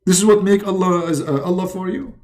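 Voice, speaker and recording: A man giving mocking commentary in a halting delivery with many fillers. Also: high-pitched, a little mellow. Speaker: religious debate streamer.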